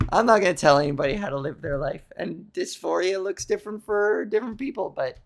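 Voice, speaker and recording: Podcast host: young woman with a gravelly, vocal-fry edge, swearing freely through a rambling solo rant. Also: lowish voice. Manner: profane, rambling, ranting. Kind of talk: casual solo podcast monologue.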